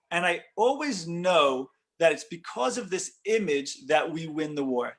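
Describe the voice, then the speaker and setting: A man, a rabbi, telling a story in a lesson, animated and often correcting himself mid-sentence. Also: high voice.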